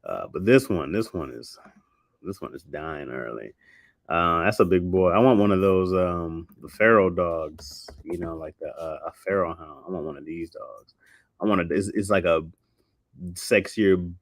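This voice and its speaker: A man's voice: low voice, dry recording, clean studio sound. A man hosting a livestream, chatting casually with viewers, rambling and slangy, laughing a lot. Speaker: livestream host.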